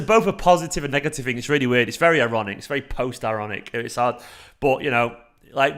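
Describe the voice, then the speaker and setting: A young man, chatting casually to his live chat as a fan channel host, animated and full of fillers and restarts. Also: medium pitch.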